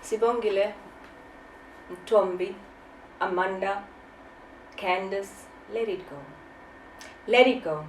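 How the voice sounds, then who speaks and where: A woman's voice: medium pitch, fairly even intonation, slow, long pauses, reverberant, far from the mic, a little hiss or hum, rough recording. A woman in her forties, from South Africa, speaking as an author in an interview, impassioned and preachy, often repeating her words. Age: 40s. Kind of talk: emotional testimony.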